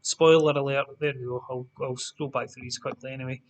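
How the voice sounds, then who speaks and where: A man's voice: mid-range voice, level tone, brisk. A Scottish man hosting an online pub quiz, reading out answers with chatty, jokey asides to the players. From Scotland.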